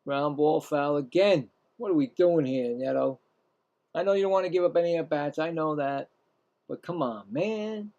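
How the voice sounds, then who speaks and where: A man's voice: fairly high pitch, normal speed, darkish tone, dull audio. A man hosting casual live baseball play-by-play, rambling, self-mocking, and often stumbling and correcting himself. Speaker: play-by-play host.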